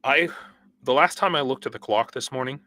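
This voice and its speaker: A young man with a bright, forward voice chats through a livestream, worn out from a sleepless night and wired on coffee. His talk rambles and halts, full of restarts and fillers, and he breaks into short laughs between viewer comments. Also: mid-range voice, brisk. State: sleep-deprived and over-caffeinated. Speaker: livestream host. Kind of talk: casual livestream chat reading viewer comments.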